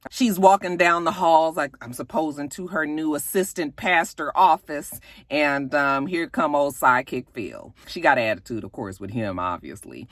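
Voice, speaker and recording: A woman recapping a TV episode in a sassy, animated storytelling style. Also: low voice, moderate pace, few pauses, no room sound, clean studio sound. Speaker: show recap vlogger.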